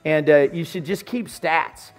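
A man's voice: a little high, a little slow. A man preaching a sermon as pastor, telling stories and acting out conversations. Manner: storytelling, acts out conversations.

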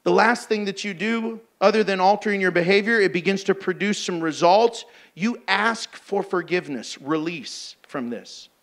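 A man's voice: high voice, normal speed, few pauses, a bit bright. A man preaching a sermon in a blunt, emphatic, exhorting way.

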